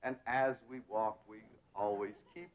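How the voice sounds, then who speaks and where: An actor playing a pompous, theatrical young society dandy with flowery speech. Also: male voice, lowish voice, fairly even intonation, unhurried, lightly acted. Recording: dull old TV sound.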